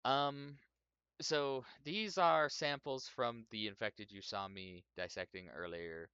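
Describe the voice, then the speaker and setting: A man's voice: medium pitch, slow, pushed and bright, smooth, no room sound, lo-fi sound. A young man narrating as game master in a rambling way, with many fillers and restarts.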